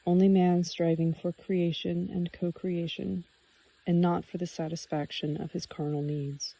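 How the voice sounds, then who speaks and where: A woman voicing a joyful young woman of the forest in an audiobook reading, with a gentle, sing-song delivery. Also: lowish voice, level tone, measured pace, gravelly, poor audio.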